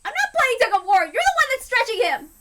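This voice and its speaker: Woman playing a bossy hot-tempered teen girl, shouting, high and bright. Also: very animated, quick pace, far from the mic, heavily acted. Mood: angry. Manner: shouting, higher and louder.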